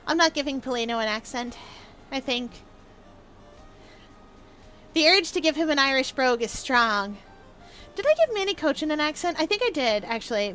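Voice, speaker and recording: A woman's voice: sits high, pushed and bright. A woman streamer chatting playfully and bubbly on a casual live stream.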